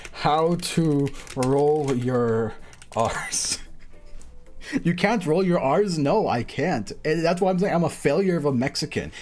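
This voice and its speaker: A man's voice: on the high side, a little mellow. A man streaming live in casual chat, rambling and self-deprecating, laughing often.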